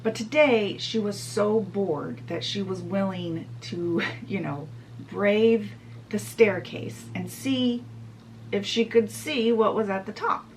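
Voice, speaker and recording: A woman's voice: medium pitch, slow pace, darkish tone, a little hiss or hum, poor audio. A woman book reviewer retelling a fairy tale in a chatty, casual way, adding asides. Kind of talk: casual storytelling summary.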